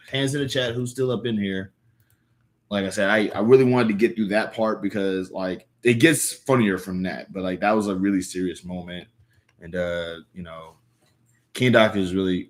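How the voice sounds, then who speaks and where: Low-voiced rambling young man. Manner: rambling, filler-heavy, self-correcting. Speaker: livestreamer reading comics aloud. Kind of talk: casual live-stream chat and comic read-aloud.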